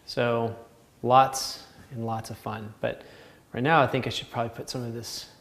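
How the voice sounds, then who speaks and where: A man's voice: mid-range voice, level tone, normal speed, fairly bright tone. A man with a Southern American accent, a painting instructor chatting casually while he paints, rambling and laughing often.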